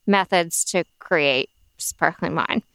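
A woman's voice: fairly low pitch, takes it slowly, creaky, fairly bright tone, clean tone, no room sound. Tipsy, chatty woman podcast host. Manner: chatty, scattered with fillers. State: a little tipsy from wine. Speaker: podcast co-host presenting drinks news. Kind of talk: casual chat.

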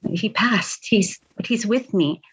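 A woman's voice: medium pitch, takes it slowly, husky, rough recording. Impassioned middle-aged woman. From Hawaii. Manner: earnest, impassioned, repeats words. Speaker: victims' advocate, guest. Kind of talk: emotional interview storytelling.

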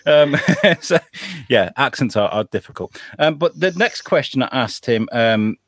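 A man hosting a podcast in casual chat, chatty and quick to laugh. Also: mid-range voice, animated, fairly bright tone, no room sound, clean studio sound. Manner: chatty, laughs often, many restarts. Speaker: podcast host.

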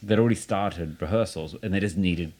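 Low-voiced man telling stories animatedly. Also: brisk. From Australia. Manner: animated storyteller, acts out quotes. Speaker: podcast host. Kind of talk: casual chat.

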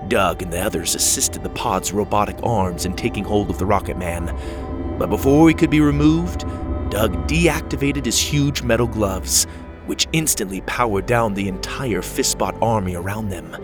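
A man narrating a children's space adventure story in a steady, descriptive read-aloud manner. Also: on the low side, normal speed, over music.

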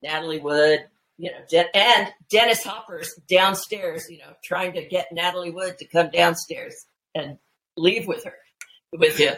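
A woman guest telling family anecdotes in a casual, animated way, full of restarts and fillers. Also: fairly low pitch, unhurried, rough recording. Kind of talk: casual storytelling chat.

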